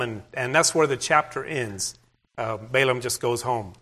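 A man's voice: medium pitch, a little slow, sharp tone. A man preaching a sermon, retelling a scripture story in a plain, conversational way with asides to the congregation.

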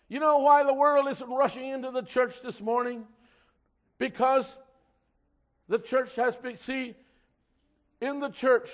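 A man preaching a sermon to his church, rising loud and slow on key words and dropping quiet when he reads scripture aloud in old-fashioned wording. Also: very high voice.

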